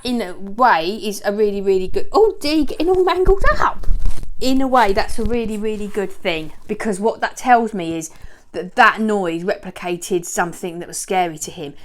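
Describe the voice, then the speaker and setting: A woman chatting as she shows how she trains her dogs, rambling and often cheering them on. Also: medium pitch. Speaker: dog owner showing training. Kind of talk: casual how-to vlog.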